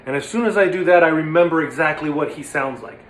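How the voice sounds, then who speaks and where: A man's voice: a little high, fast talker. Playful young man teaching puppetry. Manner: playful, demonstrative, slips into silly voices. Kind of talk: casual instructional talk. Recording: echoey room with faint noise.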